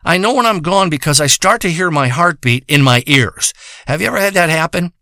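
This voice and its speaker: A man's voice: on the high side, expressive, fairly quick, pushed and bright, no echo, studio quality. A man telling a rambling, profane comic monologue, wandering from one tangent to the next. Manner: profane, rambling, meandering storytelling.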